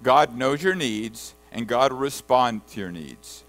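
A man preaching a sermon and reading scripture aloud, rising to loud emphatic bursts and then dropping low and soft. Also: animated, unhurried, soft background music, rough recording. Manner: reads scripture verses aloud. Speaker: pastor.

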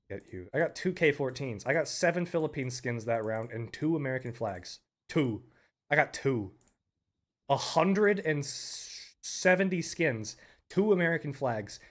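A young man giving live commentary on a game, excitable, breaking into loud yells and laughter. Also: mid-range voice. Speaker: game streamer.

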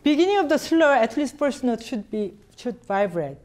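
Woman, cello teacher, high voice, sings phrases on "da di da", halting direct coaching, faint music behind. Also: sing-song, darkish tone. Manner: sings phrases on syllables to demonstrate. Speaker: cello master class teacher. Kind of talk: coaching a student in a master class.

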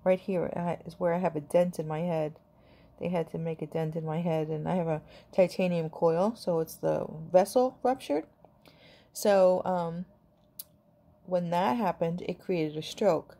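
A woman's voice: on the low side, fairly even intonation, a little slow, mellow. A middle-aged woman, a grandmother, chatting casually to camera in a rambling, affectionate way. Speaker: vlogger.

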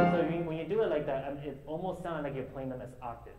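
A man teaching a piano master class, singing rhythms aloud and talking in halting bursts with restarts. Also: fairly high pitch, dull audio. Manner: sings rhythms aloud to demonstrate; halting, many restarts and fillers. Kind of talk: coaching a student at the piano. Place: concert hall with piano. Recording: roomy hall sound with loud piano. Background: piano playing.

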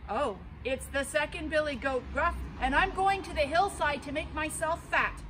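A woman's voice: high-pitched, moderate pace, noisy background, pitched above the performer's own voice, lightly acted. A woman voicing the second billy goat in a storybook reading, bargaining to get across. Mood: nervous. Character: middle-sized billy goat, not so small.

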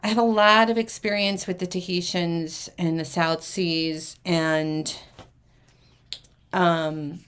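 A woman hosting a live jewelry shopping auction, chatting away and acting out the people in her stories, then dropping quietly to herself while she handles items. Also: on the low side, slow pace, clean tone. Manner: chatty, acts out quoted people in a lively way.

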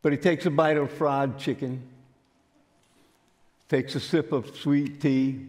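An older man, telling a story in a sermon in a folksy, unhurried way. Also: on the high side, darkish tone. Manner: folksy, unhurried, frequent fillers. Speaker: pastor. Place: church sanctuary. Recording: church hall with long reverb.

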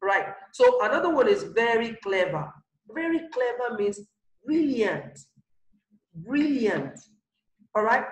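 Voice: mid-range voice, roomy sound, poor audio. A primary school teacher giving an online English grammar lesson, repeating each example and checking that pupils understand. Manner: repetitive, explains slowly with examples, checks understanding.

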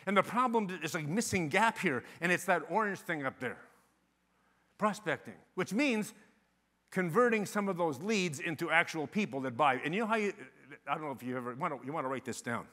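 A man in his sixties speaks from a conference stage with a high-set, sharp, forceful voice. He tells stories and acts out both sides of phone calls, bouncing between voices with plenty of energy. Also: lively intonation, fairly quick. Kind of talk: motivational sales talk to an audience.

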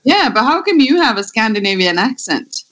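A woman's voice: a little high, very animated, normal speed, a bit bright. A woman from Finland co-hosting a podcast over a call, blunt and teasing with crude jokes. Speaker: podcast co-host. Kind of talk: casual chat. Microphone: video call.

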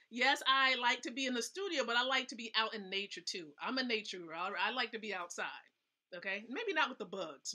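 Hosting a laid-back live stream, a woman gives tips in a chatty, emphatic way and keeps checking in with her audience through questions. Her voice is a little high, pushed and bright.

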